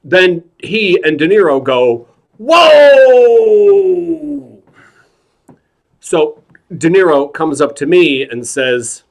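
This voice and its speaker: A man from New York telling a stand-up story in a hesitant, deadpan way over a video call. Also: on the high side, a little slow. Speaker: stand-up comedian. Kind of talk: stand-up comedy set.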